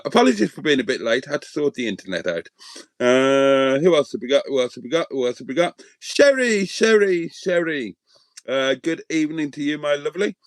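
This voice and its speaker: A man's voice: medium pitch, no room sound. A man hosting a live stream from a motorhome, bantering and reading out viewer names. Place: inside a motorhome.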